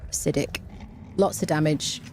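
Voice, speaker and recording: A woman's voice: low voice, moderate pace, mellow, slight background noise. A woman streamer giving chatty, rambling live commentary while she plays a game, often saying "there you go.".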